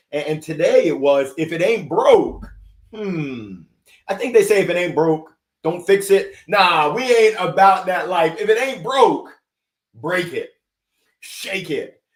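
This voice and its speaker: A man in his forties hosting a high-energy motivational livestream with hype call-outs to viewers. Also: roomy sound. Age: 40s. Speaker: motivational speaker, host. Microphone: livestream setup.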